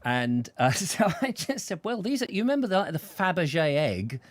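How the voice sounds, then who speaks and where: A man's voice: high-pitched, sing-song, moderate pace, no room sound. A man hosting a casual chat show, rambling through anecdotes and chuckling as he tells them. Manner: rambling anecdotes with laughs, acts out voices. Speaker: host.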